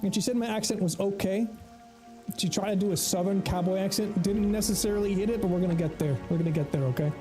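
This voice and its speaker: A man's voice: high voice, quick pace, over music, rough recording. An American man streaming a game, chatting loosely, swearing freely and laughing often. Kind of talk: casual gaming livestream commentary.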